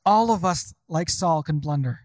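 A man's voice: fairly high pitch, moderate pace, dry recording. A male pastor preaching a sermon, asking the congregation rhetorical questions.

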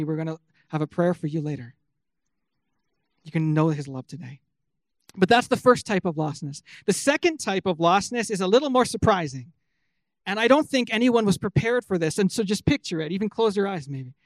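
A man's voice: high voice, no echo. A man preaching a sermon in an earnest, emphatic way, often asking his listeners rhetorical questions. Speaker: pastor.

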